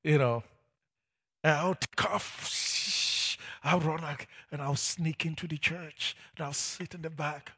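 A man preaching a personal testimony to a church audience, telling it as a story and building to loud, emphatic peaks. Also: on the high side, fairly even intonation, slow, husky. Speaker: preacher sharing his testimony. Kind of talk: sermon testimony.

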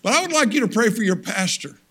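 A man's voice: high-pitched, expressive, fast, a bit bright, slightly rough. An older man, a missionary and guest preacher, giving a sermon in a plain-spoken, folksy storytelling way with emphatic turns. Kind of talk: sermon with personal stories.

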